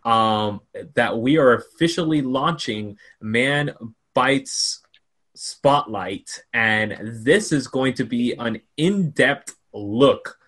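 A man's voice: mid-range voice, slow pace, a bit bright. A man on a podcast as a guest, laid-back and teasing, describing his own film talk show. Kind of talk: casual chat.

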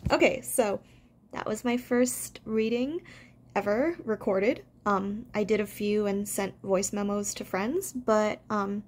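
A woman doing amateur audiobook narration, gentle and unpolished, with small stumbles. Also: mid-range voice, slow, a little hiss or hum.

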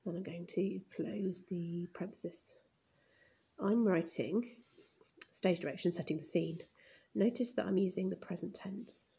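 A woman's voice: on the low side, a little slow, vocal fry, warm tone. A woman teaching a primary class writing lesson, narrating as she writes and murmuring words while she writes them, recorded on a phone camera pointed at the page. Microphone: phone camera filming the page.

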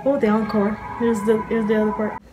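A woman's voice: mid-range voice, monotone, a little fast, noisy background. A young woman making a casual reaction vlog, gushing, swearing and squealing as she reacts to music. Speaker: YouTuber reacting to music videos. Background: music playing.

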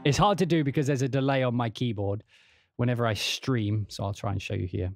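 A man's voice: mid-range voice, brisk, gravelly, darkish tone, soft background music. A man casually walking through a sample library on a livestream, rambling and humming rhythms aloud as he plays at his keyboard. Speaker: composer demonstrating a sample library. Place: home studio at a keyboard.

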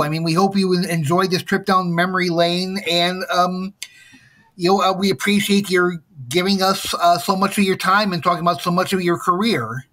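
A man's voice: high voice, fairly bright tone. A man co-hosting a podcast, thanking his guest politely and graciously. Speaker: podcast co-host. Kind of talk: interview wrap-up.

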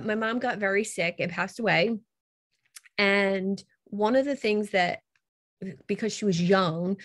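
Lively middle-aged woman guest, laughs easily. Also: medium pitch, no echo, clean studio sound. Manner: lively, laughs easily, talks in short rambling bursts. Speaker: guest coach. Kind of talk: casual interview.

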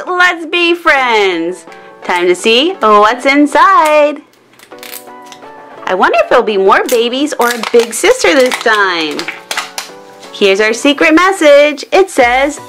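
A woman's voice: sits high, big pitch swings, a little slow, pushed and bright. A woman narrating toy unboxing and doll play in a cheerful, sing-song way, with music underneath.

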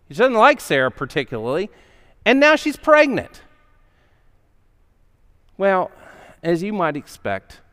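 A man's voice: high-pitched, fairly bright tone. A male pastor preaching a sermon in a conversational storytelling manner, acting out the characters' voices. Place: church sanctuary. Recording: long hall reverb.

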